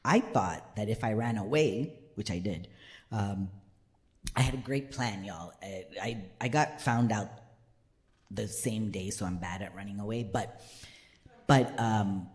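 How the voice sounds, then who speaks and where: A man's voice: lowish voice, a little slow, darkish tone. A man performing storytelling stand-up comedy on stage, acting out quoted voices and laughing often. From United States.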